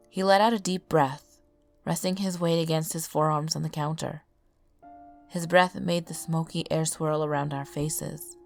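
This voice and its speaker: A woman narrates a horror story in a calm, measured way. Her voice is low and slightly gravelly. Quiet music plays behind her. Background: faint background music.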